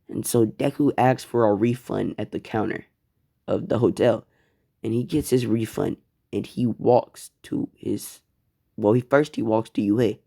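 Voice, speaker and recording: A man's voice: mid-range voice, gravelly, warm tone. A man narrating improvised fan fiction in a casual, rambling, profane way. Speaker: fan storyteller.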